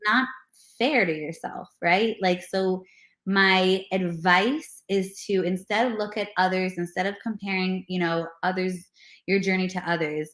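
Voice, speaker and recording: A woman's voice: lowish voice, measured pace, echoey room. A pregnant woman, a personal trainer, talking casually and earnestly in a video interview, with lots of "like" and "you know". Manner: earnest, animated, many fillers like "like" and "you know".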